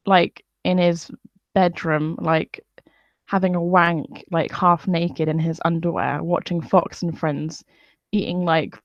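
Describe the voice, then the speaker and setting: A woman's voice: fairly low pitch, dry recording. Scornful woman ranting on a dull, dry mic. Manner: profane, scornful, exasperated. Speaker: vlogger streaming live. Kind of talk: angry live-stream rant.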